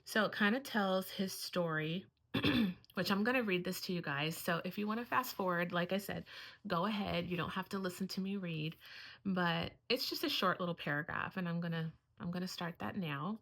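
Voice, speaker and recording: Middle-aged mom vlogging, heartfelt and earnest, kinda gravelly low voice. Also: female voice, moderate pace, fairly bright tone. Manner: heartfelt, earnest, fighting back tears. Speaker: homeschooling mother. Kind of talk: emotional casual vlog.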